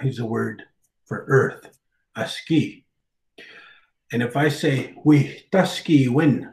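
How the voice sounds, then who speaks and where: A man giving an informal presentation, speaking haltingly with many fillers, restarts and throat clearing. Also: mid-range voice, reverberant, poor audio. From Canada. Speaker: guest speaker on language revitalization.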